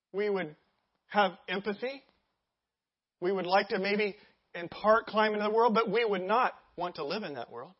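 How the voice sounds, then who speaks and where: A pastor preaching a sermon in a lively, conversational way, asking the congregation questions and acting out scenes. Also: mid-range voice, breathy edge, lo-fi sound. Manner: animated, conversational, acts out scenes.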